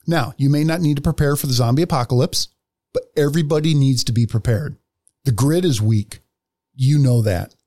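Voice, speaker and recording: A man's voice: medium pitch, moderate pace, dark tone, no echo, clean studio sound. A man telling a story in casual podcast chat, blunt and profane, acting out the other people in it. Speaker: podcast co-host.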